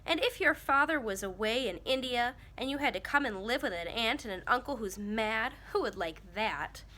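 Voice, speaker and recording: A woman's voice: on the high side, lively intonation, normal speed, pushed and bright, a little hiss or hum. A woman voicing a miserable young boy who talks in a heated, defensive way in a storybook read-aloud.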